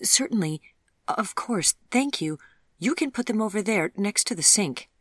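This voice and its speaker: A narrator voicing a proud young woman who speaks crisply and daringly in an audiobook. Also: medium pitch, expressive, normal speed, fairly bright tone, no echo, clean studio sound, pitched above the performer's own voice. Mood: challenging. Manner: crisp, daring, a little haughty.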